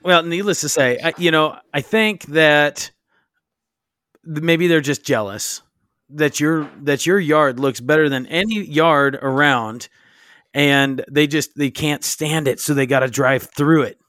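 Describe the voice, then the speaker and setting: A man's voice: fairly high pitch, a little slow, fairly bright tone, dry recording, clean studio sound. A man co-hosting a podcast in casual chat, easygoing and teasing, with lots of short agreements. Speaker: podcast co-host.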